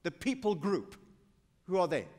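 A pastor preaching a sermon, slow and emphatic, quizzing the congregation. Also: male voice, sits high, sing-song, darkish tone. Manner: slow, emphatic preaching with call-and-response questions. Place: church sanctuary. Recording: long church hall reverb.

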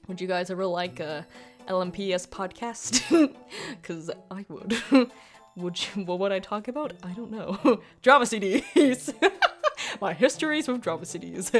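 A young woman giving casual, rambling commentary over a speed paint, giggling often and poking fun at her own work. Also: mid-range voice. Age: young adult. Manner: giggly, rambling, self-deprecating. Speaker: digital artist.

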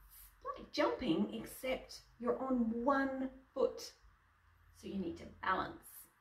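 Woman storyteller for kids, asks listeners questions, slow and unhurried, echoey room. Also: fairly high pitch, lively intonation. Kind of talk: reading a picture book aloud to children. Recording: echoey room, distant mic.

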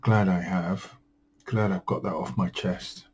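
Tired, grumbling man, dark husky voice. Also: low voice, steady tone, a little slow, poor audio. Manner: weary, self-deprecating, grumbling. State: tired, yawning. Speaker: vlogger. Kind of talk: rambling solo vlog.

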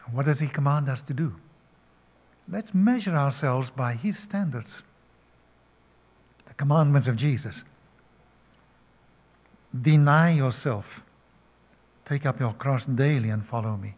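An older man preaching a sermon, slow and emphatic, asking his listeners questions. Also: medium pitch, darkish tone. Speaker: pastor.

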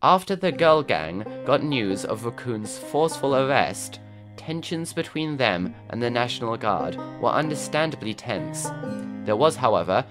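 A man narrates a survival-game story in a wry, scripted style, his pitch rising and falling a lot. Faint music runs behind him. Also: very animated, measured pace.

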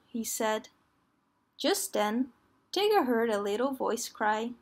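A woman reading a children's story aloud in a gentle, clear read-aloud manner. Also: a little high, very animated, slow pace, pauses often.

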